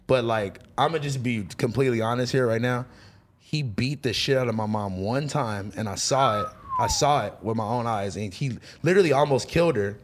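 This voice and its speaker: A young man, a rapper guest on a podcast, telling stories in loose casual chat, full of fillers and quick laughs. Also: mid-range voice, slight background noise. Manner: loose storytelling, heavy on fillers, laughs easily.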